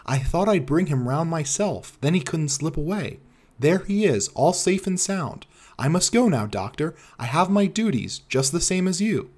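A man reading the part of a friendly, plain-spoken railway guard who speaks in a hushed, confiding way in an audiobook. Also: fairly high pitch, sing-song, normal speed.

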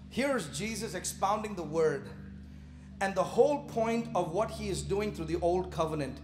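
High-voiced preaching man, shouting and joking. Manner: animated preaching, shouting and dropping to asides; casual slang, laughs at own jokes. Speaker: pastor. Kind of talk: sermon. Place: church, live service.

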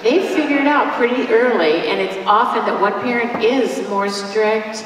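A woman's voice: fairly high pitch, normal speed, slight background noise. A woman and mother speaking at a church conference, giving parenting advice through family stories with light humor. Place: church hall. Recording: echoey hall from far off.

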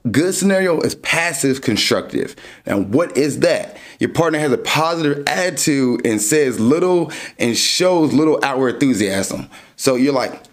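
A man's voice: mid-range voice, normal speed, few pauses. Man casually explaining on his podcast. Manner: explains through everyday examples, animated when acting out scenes. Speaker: dating podcast host.

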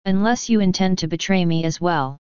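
A woman's voice: on the low side, a little fast, a little mellow, clear, resonant tone, no echo, close to an everyday voice. A woman doing a haughty pony sorceress. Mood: imperious. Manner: haughty, formal speech. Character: proud imperious female pony sorceress, commanding. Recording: slightly dull, dry recording.

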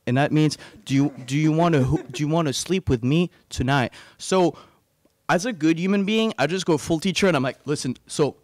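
A man's voice: a little high, a little fast, no echo, studio quality. A young man from France with a light French accent, doing a rambling, self-mocking stand-up set on a small club stage. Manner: rambling, self-mocking, many fillers and restarts. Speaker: stand-up comedian.

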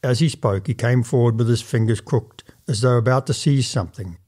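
A man narrating an old first-person story as a measured, formal audiobook reading. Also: mid-range voice, darkish tone, breathy edge.

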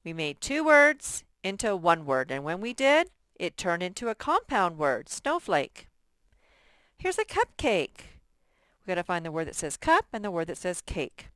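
A woman with a slightly low, smooth, clear voice, giving a first-grade workbook lesson. She speaks slowly and patiently and sounds out each word for young children. The recording is close and dry. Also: big pitch swings, fairly bright tone, no room sound. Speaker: teacher.

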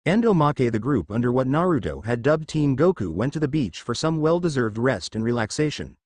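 Male narrator for a fan fiction reading, lively pitch. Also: fairly quick, no room sound.

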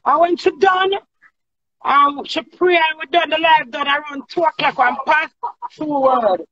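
A woman's voice: sits high, measured pace, a bit bright, dry recording. A woman with a Jamaican accent chatting casually on a live stream, blunt, brash and boastful, talking in patois. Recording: dull lo-fi sound.

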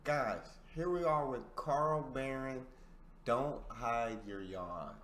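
A man's voice: medium pitch, slow, fairly bright tone. An American man hosting a reaction video, talking in an upbeat, hyped way. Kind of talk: casual reaction commentary.

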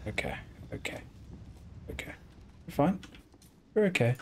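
A man's voice: on the high side, animated, unhurried, slight background noise. A man giving let's play commentary, chatting and muttering to himself as he plays a video game. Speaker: gaming YouTuber.

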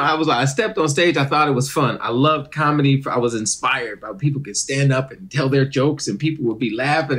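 Animated man telling stories. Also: fairly high pitch. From Detroit, USA. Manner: animated storyteller who acts out other people's voices. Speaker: guest, comedian and actor. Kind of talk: casual interview storytelling.

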